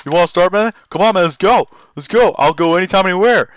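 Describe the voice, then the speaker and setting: A man's voice: sits high, fast talker, lo-fi sound, pitched above the performer's own voice, lightly acted. A man voicing a cocky, trash-talking machine boss that is looking for a fight. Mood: taunting. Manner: taunting street-tough swagger.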